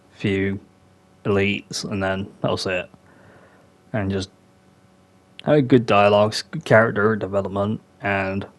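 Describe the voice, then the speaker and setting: Slow, low-voiced young man rambling. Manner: rambling, loose, many fillers. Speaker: podcast host. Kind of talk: casual podcast chat.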